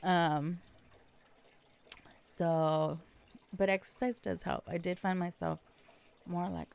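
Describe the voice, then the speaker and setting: A woman's voice: mid-range voice, takes it slowly, vocal fry, pauses often, darkish tone. A young woman hosting her own podcast, chatting casually and rambling in a self-deprecating way, with lots of fillers. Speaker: podcast host. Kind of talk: casual solo podcast chat.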